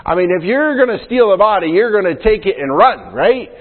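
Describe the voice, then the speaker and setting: His voice sits high and moves briskly in a sing-song way as he preaches. The pastor talks through Scripture casually, frequently checking in with "right?", and the phone-like recording echoes through a hall with long reverb.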